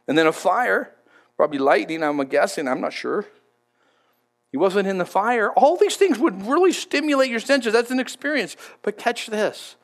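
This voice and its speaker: A man's voice: high voice, animated, normal speed. A man preaching a sermon in a conversational, emphatic way, often repeating words as he goes. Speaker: pastor.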